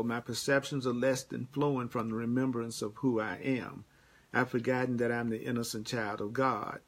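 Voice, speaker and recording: The speaker is a man with a mid-range voice, fairly even intonation, and a moderate pace. He gives a spiritual teaching on a live stream and responds to viewer comments by name, emphatic and repetitive, returning to the same key phrases.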